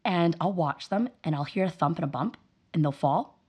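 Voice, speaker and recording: A woman's voice: deep voice, moderate pace, breathy edge. A young mother, a guest in a casual interview, telling parenting stories and acting out her children's voices. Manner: animated storyteller, acts out her kids' voices.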